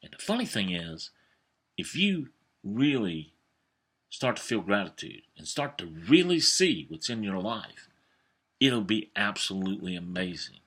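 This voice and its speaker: A man in his fifties tells a story in a folksy, hesitant way. His low, husky voice rises and falls a lot, with a bright, forward edge. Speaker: vlogger. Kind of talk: storytelling monologue.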